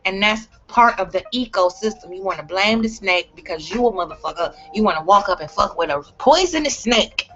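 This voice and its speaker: Bright-voiced woman ranting bluntly. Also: medium pitch, lively intonation, brisk, few pauses, lo-fi sound. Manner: blunt, profane, emphatic. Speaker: vlogger. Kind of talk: ranting vlog monologue.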